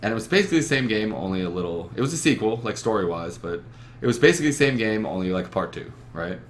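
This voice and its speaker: A young man hosts a casual gaming podcast over his webcam in a lowish, expressive voice, talking fast. He rambles, swears freely, and leans hard on his points. A faint hiss of room noise sits in the background.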